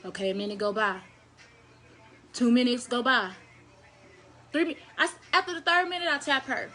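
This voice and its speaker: High-voiced woman telling a crude story. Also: normal speed, pauses often. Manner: blunt, crude, animated storytelling addressing viewers. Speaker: storyteller vlogger. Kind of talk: casual storytime to camera.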